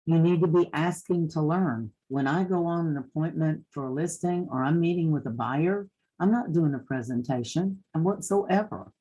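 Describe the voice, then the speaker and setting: An older woman with a soft Eastern Kentucky accent speaks to a conference audience of realtors. Her voice is mellow and warm, and her delivery is folksy and down-to-earth as she gives practical advice. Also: low voice, normal speed, husky, highs cut off. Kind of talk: motivational conference talk.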